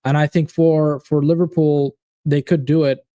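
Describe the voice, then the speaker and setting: A man hosts a live football fan stream, talking straight to his viewers by name and cursing freely. His voice is mellow and slightly high, and it leaps upward often when he gets animated. The sound is dry and close. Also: moderate pace, no room sound. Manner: animated, swearing, addressing chat viewers by name. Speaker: watchalong host. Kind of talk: casual live-stream chat.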